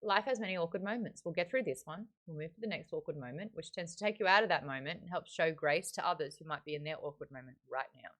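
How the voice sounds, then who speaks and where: A woman's voice: low-pitched, fast talker, few pauses, fairly bright tone. A woman doing an English accent to read aloud as a prim English lady, with careful, polished delivery.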